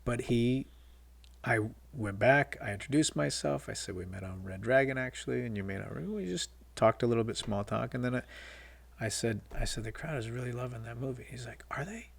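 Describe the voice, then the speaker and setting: A man's voice: medium pitch, a little fast, gravelly. A middle-aged filmmaker, a man, telling stories casually in an interview, with many fillers and quoted dialogue. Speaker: guest filmmaker.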